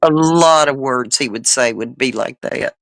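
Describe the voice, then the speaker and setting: A woman's voice: extremely low pitch, unhurried, no room sound, low-quality recording. A woman hosting a casual panel chat, telling rambling stories and chuckling often.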